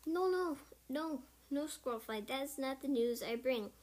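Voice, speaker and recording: An old she-cat spirit from a storybook, solemn and regretful, voiced by a woman reading aloud. She speaks slowly and gravely, the voice only slightly high. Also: expressive, darkish tone.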